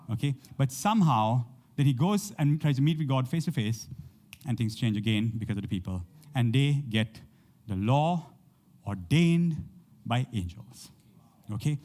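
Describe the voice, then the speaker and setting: Animated male preacher with a lively pitch. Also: moderate pace. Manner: animated preaching, frequent "okay?" checks, reads scripture aloud. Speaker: pastor. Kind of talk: sermon.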